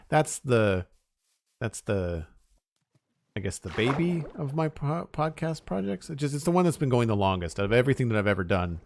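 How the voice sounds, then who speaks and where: A middle-aged man live-streaming a building game, thinking aloud in a relaxed way and thanking viewers by name. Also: sits low. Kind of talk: casual live-stream chat.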